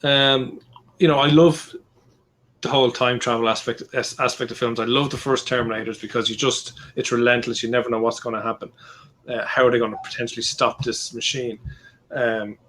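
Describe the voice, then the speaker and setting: A man's voice: mid-range voice, level tone, a bit bright, slight background noise. Man co-hosting, bossy and sweary. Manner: bossy, swears, quick to get riled. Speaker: podcast co-host. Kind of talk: casual chat.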